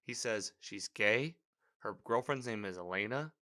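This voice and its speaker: Male recapper, somewhat low voice with a crisp, forceful edge; loose, chatty, reactive delivery. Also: unhurried. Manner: rambling, filler-heavy, animated reactions. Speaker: TV episode recapper. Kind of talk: casual spoken episode recap.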